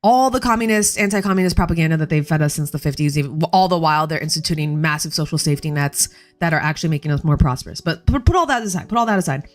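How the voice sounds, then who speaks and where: A woman's voice: sits low, lively intonation, rapid-fire, few pauses. A woman hosting a casual political livestream from home, heated and swearing, firing off bursts of outrage. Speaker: livestream host. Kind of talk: casual political commentary stream.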